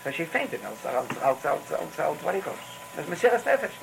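This man's Torah talk rambles through stories, with repeated restarts and Yiddish phrases woven in. He speaks fast in a fairly high, gravelly voice with big pitch swings, against background noise.

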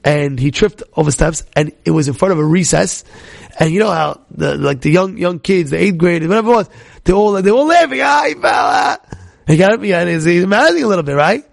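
A middle-aged man, a rabbi, giving an animated Torah talk full of stories, restarts and shouted outbursts. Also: on the high side, fast talker, creaky, dry recording, studio quality.

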